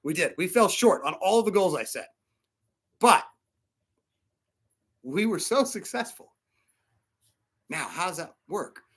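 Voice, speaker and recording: A middle-aged man preaching a sermon as a pastor, animated and acting out the voices of people in his stories. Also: sits high, slow pace, pauses often, slightly rough.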